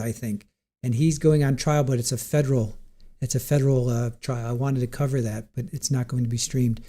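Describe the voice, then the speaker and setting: A man with a warm, mellow voice hosts a casual live stream, thinking aloud and restarting his sentences as he goes. He chats loosely and reads out viewer comments in a medium-pitched, easygoing tone.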